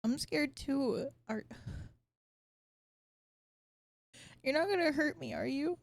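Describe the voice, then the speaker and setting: A scared, tearful little boy with a very high, shaky voice, as a woman puts him on in a tabletop game. He talks hesitantly and timidly. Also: expressive, normal speed, no room sound. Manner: shaky, hesitant, near tears.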